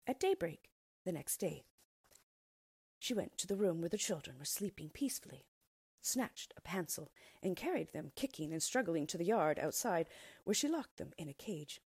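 A woman reading a fairy tale aloud in an expressive storyteller's way. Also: fairly low pitch, normal speed, slightly rough, dry recording, clean studio sound.

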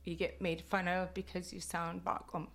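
A woman with a Kwakwala-influenced accent in her English tells stories in an animated, casual way, slipping in plenty of "like." Her voice sits a little low for a woman, and her laughter comes readily. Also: moderate pace, creaky, faint music behind. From Alert Bay, British Columbia, Canada. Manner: animated, laughing often, uses "like" a lot. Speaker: interviewee. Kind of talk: casual storytelling.

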